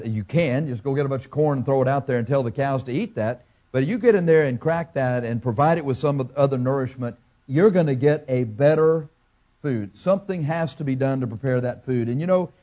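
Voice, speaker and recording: A man's voice: on the high side, warm tone. A man preaching a sermon as a pastor, in a folksy way, with farm comparisons and rhetorical questions. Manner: farm analogies.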